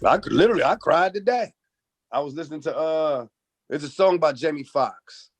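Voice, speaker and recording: A male comedian from Oakland, telling stories in an animated, profane way during a casual podcast interview. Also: on the high side, moderate pace, faint music behind. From Oakland, California. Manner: animated storytelling, acts out voices, profane. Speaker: comedian guest.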